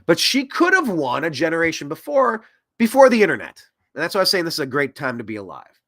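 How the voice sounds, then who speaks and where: A man hosting a political commentary show, ranting in an animated way that swings between loud and soft. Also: a little high, fast talker, no room sound, studio quality. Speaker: host.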